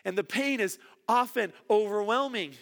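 A man's voice: sits high, normal speed, gravelly, a bit bright. A middle-aged man preaching a sermon, earnest and repeating words for emphasis. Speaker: pastor.

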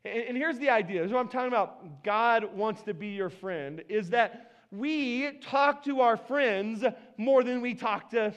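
Male pastor, high voice, chatty sermon delivery with stumbles and repeats, worn mic in a church. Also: measured pace, few pauses, fairly bright tone, clean tone, dull audio. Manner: conversational, frequent restarts and repeated words. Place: church sanctuary. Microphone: worn microphone.

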